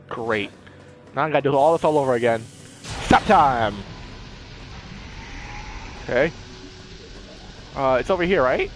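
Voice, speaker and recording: A man casually commenting on his own gameplay, excitable, exclaiming and playfully taunting enemies into a desk mic. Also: mid-range voice, slow, pauses often, music in the background. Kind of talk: casual let's-play commentary. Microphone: personal desk mic.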